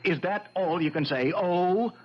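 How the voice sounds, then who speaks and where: A man playing a nervous husband in hiding who stammers and talks haltingly, in a 1970s radio drama. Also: high voice. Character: nervous middle-aged husband hiding in witness protection. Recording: dull old radio broadcast.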